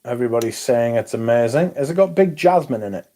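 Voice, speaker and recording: A man's voice: mid-range voice, expressive, quick pace, dark tone. A man hosting a livestream, chatting casually, swearing now and then, and reading out viewer comments. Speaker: livestream host.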